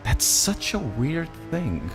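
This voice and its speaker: With music playing underneath, this Portuguese-accented streamer from Portugal chats with viewers as he races, cursing often. His voice sits on the high side, swings a lot in pitch, and goes slowly.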